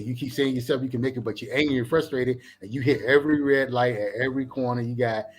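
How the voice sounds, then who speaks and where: A middle-aged man and former police officer, a guest on a talk show, explaining in an animated, preachy way with many examples. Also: mid-range voice, fast, hardly any pauses, faint music behind. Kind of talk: casual talk show discussion.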